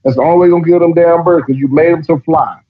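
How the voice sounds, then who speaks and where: A profane, sarcastic man with a somewhat high voice reads a text aloud and mocks it in animated commentary. The recording is dull and lo-fi. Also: very fast. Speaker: podcast host. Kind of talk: mocking commentary while reading aloud.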